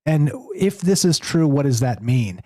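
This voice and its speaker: A man hosting a call-in show, talking in an animated, emphatic way about ideas. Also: a little high, unhurried, no room sound. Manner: animated, emphatic, rising to exasperated. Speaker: show host. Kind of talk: casual call-in chat.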